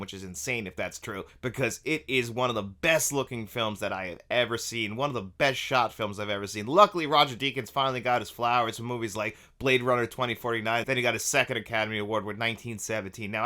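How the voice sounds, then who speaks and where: Man reviewing a film, bright voice, mid pitch, eager, chatty. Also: fast, few pauses. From New York. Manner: enthusiastic, conversational.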